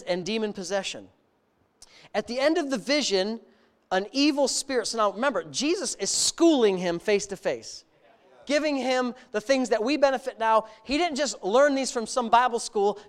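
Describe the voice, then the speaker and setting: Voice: mid-range voice, clear, resonant tone. A preacher giving a sermon, reading a story aloud and stopping to comment and ask the congregation questions, in an earnest, emphatic way.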